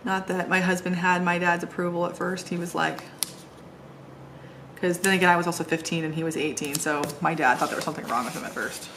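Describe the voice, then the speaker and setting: Chatty woman with a lowish voice. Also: fairly even intonation, a little fast, background noise. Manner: chatty, rambling, self-deprecating. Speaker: planner vlogger. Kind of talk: casual chat while decorating a planner. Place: home, seated on the floor.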